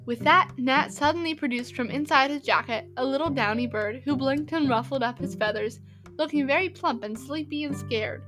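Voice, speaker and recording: High-voiced woman reading a story. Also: normal speed. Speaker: audiobook narrator. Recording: reading over music.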